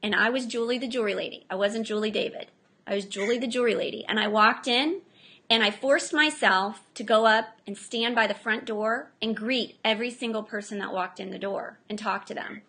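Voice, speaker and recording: A middle-aged woman entrepreneur chats as a guest in a casual interview. Her voice sits a little high and rings bright. She tells animated stories and slips into the voices of the people she quotes. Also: fairly quick. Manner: animated storyteller, acts out quotes.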